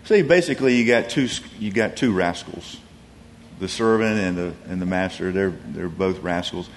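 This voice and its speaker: A man's voice: low-pitched, moderate pace, a little hiss or hum. A man preaching a sermon in a conversational, storytelling way, with frequent restarts.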